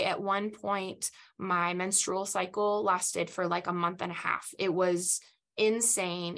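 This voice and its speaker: A medium-pitched, gravelly and slightly bright voice belongs to this woman from Southeast Asia. Guesting on a podcast, she recounts her faith journey in an earnest, reflective manner, restarting haltingly.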